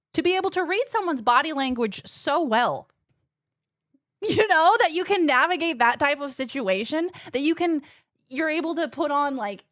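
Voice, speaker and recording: A woman's voice: sits high, no room sound, clean studio sound. A young woman from Illinois with a faint mix of Midwestern and West Coast accents, chatting casually on a live stream, reading chat aloud and laughing easily. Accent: faint mixed Midwestern and West Coast American. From Illinois, USA. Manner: chatty, animated, laughs often, swears casually.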